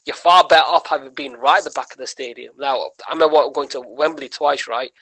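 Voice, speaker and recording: A man's voice: medium pitch, brisk, slightly rough, low-quality recording. A man, a comedian guest on a podcast telling a story and acting out the voices of the people in it. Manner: animated, acts out quoted voices.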